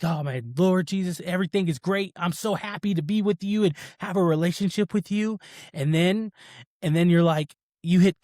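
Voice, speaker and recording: A man in his thirties hosting a podcast, telling a personal story in a lively, animated way and acting out his own thoughts, turning to faith in a preaching tone. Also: on the high side, dry recording, studio quality. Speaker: podcast host. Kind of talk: casual chat.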